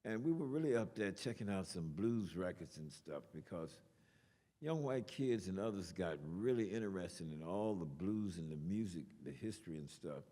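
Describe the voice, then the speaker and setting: An older man speaking as a guest to an audience, telling a story in an animated way with sound effects and swearing. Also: deep voice. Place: lecture hall. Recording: long reverb in a large hall.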